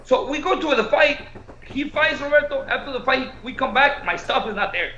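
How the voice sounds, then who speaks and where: High-voiced bilingual man telling a story. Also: a little fast, a little hiss or hum. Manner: animated storyteller switching between English and Spanish. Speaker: boxing coach and show co-host. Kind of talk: casual storytelling. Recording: echoey room, dull lo-fi sound.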